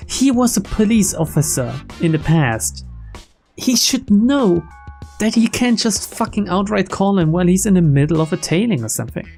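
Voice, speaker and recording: A man's voice: sits high, big pitch swings, normal speed, creaky, darkish tone. A man narrating a game casually, with sarcastic, chuckling asides. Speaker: let's play narrator. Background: game music.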